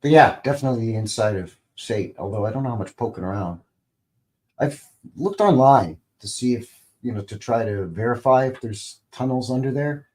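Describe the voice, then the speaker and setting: A man's voice: medium pitch, moderate pace, darkish tone. A man hosting a live stream, talking casually in a rambling, conversational way, full of "you know" and "right?".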